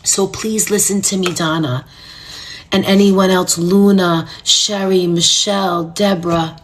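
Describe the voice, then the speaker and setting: Middle-aged new woman telling a heavy personal story on a live stream, low voice, earnest, goes soft and whispery sometimes. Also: steady tone, unhurried, a little hiss or hum. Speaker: numerologist hosting a live stream. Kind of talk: emotional storytelling to live viewers.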